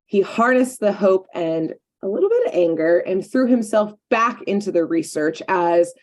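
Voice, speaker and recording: A woman's voice: mid-range voice, sing-song, normal speed. A woman co-hosting a podcast, casually recapping a cartoon episode with lots of filler words. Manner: chatty, frequent "like" and "um" fillers. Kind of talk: casual chat.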